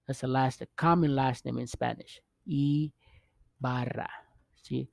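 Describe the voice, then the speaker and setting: Male teacher, casual online lesson; gravelly, dark tone, dry close sound, stop-start delivery. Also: mid-range voice, no room sound. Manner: halting, restarts often, checks in with "okay?" and "right?". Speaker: Spanish teacher.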